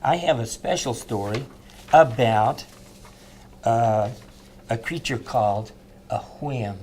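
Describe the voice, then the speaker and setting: A man playing a train engineer on a children's TV show, speaking gently and kindly to the kids. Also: medium pitch, slow, a little hiss or hum. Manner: gentle, friendly, simple words for kids.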